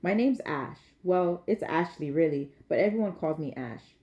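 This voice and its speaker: A woman's voice: fairly low pitch, expressive, moderate pace, mellow, roomy sound, muffled recording, lightly acted. A woman voicing a nervous, chatty young mother who rambles eagerly at her new neighbor.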